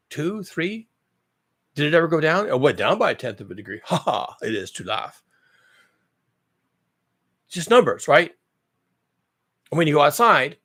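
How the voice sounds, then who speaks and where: A man hosting his own channel, giving a sarcastic, profane rant about the news, swinging between low mutters and loud outbursts and repeating phrases for emphasis. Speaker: channel host. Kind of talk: ranting commentary on news.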